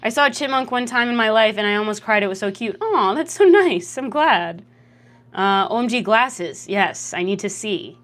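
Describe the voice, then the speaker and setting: A woman's voice: mid-range voice, moderate pace, fairly bright tone. A young Canadian woman with a Canadian accent, chatting casually on a livestream, reading out chat and answering with teasing sarcasm. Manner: sarcastic, teasing, swears freely.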